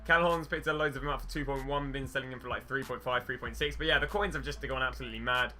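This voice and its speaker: Bright-voiced young man, chatty. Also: mid-range voice, steady tone, racing, a little hiss or hum. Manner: rambling, chatty, self-correcting with many fillers. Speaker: gaming channel host. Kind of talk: casual gameplay commentary.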